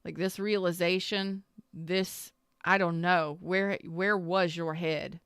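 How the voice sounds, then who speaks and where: A tarot reader with a lowish, steady voice does a casual reading to camera, speaking slowly. She's blunt, sassy, and emphatic, acting out what the listener might be thinking, in a clean, dry, studio-quality recording.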